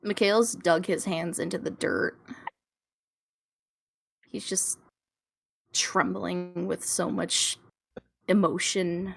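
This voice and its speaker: Slow-talking young woman game master. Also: fairly low pitch, fairly even intonation, vocal fry. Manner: slow, drawn-out narration with giggles. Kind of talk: narrating a tabletop game.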